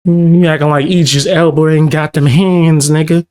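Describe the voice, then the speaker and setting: A man co-hosting a reaction video, talking in an animated, slangy way and laughing often. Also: on the high side, normal speed. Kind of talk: casual reaction chat.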